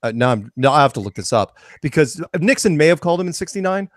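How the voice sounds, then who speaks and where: A man's voice: a little high, very animated, quick pace, dry recording, clean studio sound. A man being interviewed as a guest, talking enthusiastically in an impassioned rant, repeating and restarting phrases. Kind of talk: podcast interview.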